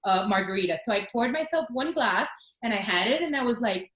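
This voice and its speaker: Woman in her forties, higher voice, lively storytelling, echoey room. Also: brisk. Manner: animated storytelling, acts out quotes. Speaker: guest. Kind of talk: casual chat.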